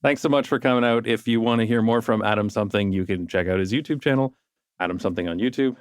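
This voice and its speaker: A man's voice: fairly low pitch, fast, smooth, no room sound, studio quality. A man hosting a podcast, chatting in an easygoing way and wrapping up the episode. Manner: easygoing, wraps up the show. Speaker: podcast host. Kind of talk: casual podcast conversation and outro.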